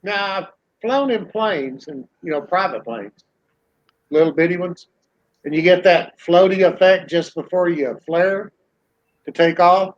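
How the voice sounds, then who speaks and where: A man recalling his experiences in a relaxed, matter-of-fact way during a casual chat with friends. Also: sits high, a little slow, dull audio.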